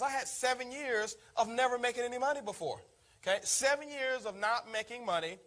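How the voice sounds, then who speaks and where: A man delivers a motivational talk at a brisk, rapid clip. His voice sits high and sounds bright and forceful. He tells his story with energy and keeps calling his listeners "guys.". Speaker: network marketing speaker.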